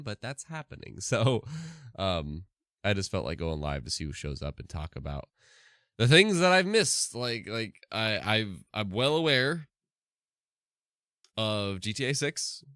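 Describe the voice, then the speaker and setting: Brief: sleepy man streaming in the morning, lowish voice, close and dry. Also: lively intonation, normal speed, a bit bright, clear, resonant tone, no echo. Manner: rambling, restarts a lot. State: tired from no sleep. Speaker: live streamer. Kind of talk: casual live-stream chat.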